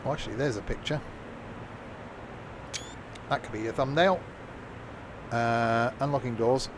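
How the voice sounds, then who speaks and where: British guy rambling while playing a train sim, average pitch, engine noise behind. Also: a little slow. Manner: chatty, rambling asides. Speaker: game streamer. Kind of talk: casual gameplay commentary.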